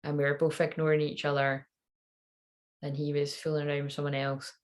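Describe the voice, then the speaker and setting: A woman's voice: low voice, monotone, fairly quick, darkish tone. A woman in her thirties, a tarot reader, telling a candid personal story in a rambling, swearing way.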